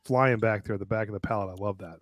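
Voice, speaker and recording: A man's voice: lowish voice, fast talker, no room sound. A man co-hosting a whiskey tasting, chatting enthusiastically. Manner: lively, enthusiastic. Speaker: host. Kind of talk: casual tasting chat.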